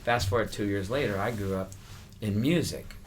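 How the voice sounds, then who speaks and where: A man's voice: on the low side, normal speed, a little hiss or hum. A man who is a guest actor in an interview, telling a casual, rambling anecdote with plenty of fillers. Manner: relaxed, rambling storytelling with fillers.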